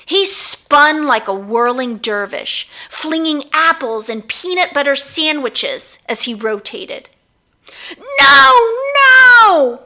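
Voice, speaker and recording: A woman's voice: sits high, slow pace, few pauses. A woman narrating her own children's book as an audiobook, reading expressively. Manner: expressive storytelling.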